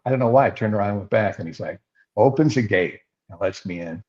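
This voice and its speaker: An older man co-hosting a podcast rambles through anecdotes in casual chat, acting out the quotes. His voice sits on the low side, animated and fast, with a slightly dull lo-fi sound.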